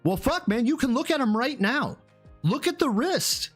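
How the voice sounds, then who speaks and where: A male stream host ranting in live reaction commentary, swearing freely. His pitch swings widely as he gets worked up, with faint music behind him. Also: normal speed, husky. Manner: ranting, profane, animated.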